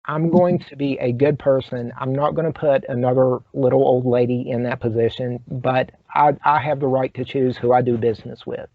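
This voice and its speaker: A man hosting a casual talk show, speaking haltingly with many fillers and restarts. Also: mid-range voice, fairly even intonation, gravelly, no echo. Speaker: host. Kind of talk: casual chat. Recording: dry, dull lo-fi sound.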